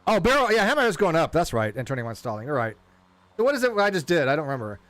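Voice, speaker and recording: A man streaming a flight simulator, talking casually and rambling as he flies, often stumbling over his words and getting excited. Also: fairly high pitch, very fast, no room sound. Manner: rambling, self-interrupting, excitable. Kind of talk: casual live gameplay commentary.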